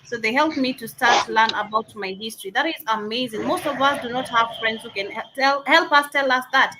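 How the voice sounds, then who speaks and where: A woman co-hosting a live talk show over a video call. She speaks in a measured, halting way and reads out viewer comments. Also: fairly high pitch, very noisy. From Africa. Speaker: co-host.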